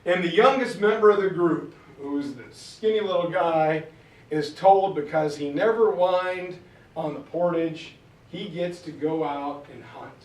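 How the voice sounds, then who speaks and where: A man telling history as an animated story, slipping into quick character voices and casual slang. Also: a little high, roomy sound, distant mic, low-quality recording. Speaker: speaker giving a history talk.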